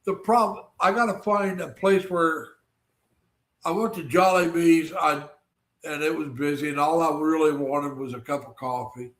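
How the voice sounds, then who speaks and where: A man hosts a casual livestream, rambling along and calling out viewers by name. His voice sits a little high for a man, and his talk is full of fillers and restarts. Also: fairly even intonation, normal speed, fairly bright tone. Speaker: livestream host.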